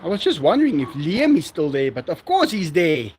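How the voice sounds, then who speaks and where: A man's voice: fairly high pitch, huge pitch swings, brisk, a little mellow, a little hiss or hum. A man from South Africa with an Afrikaans accent, hosting a casual livestream and chatting with viewers. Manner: chatty, laughs often. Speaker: livestream host. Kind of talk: casual livestream chat reading viewer comments.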